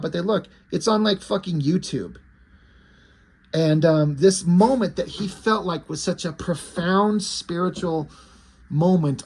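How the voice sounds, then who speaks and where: A man with a husky, rough-edged voice pitched a little high talks through a comic book's story in a loose, casual way. He gets excited, swears freely and slips into quick voices for the characters as he retells the plot. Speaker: comic book reviewer.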